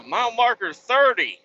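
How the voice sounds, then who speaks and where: A man vlogging from his truck on the highway, chatting casually in a blunt, rambling way and swearing freely. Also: bright, forceful tone. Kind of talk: casual chat while driving. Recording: dull lo-fi audio with faint road noise.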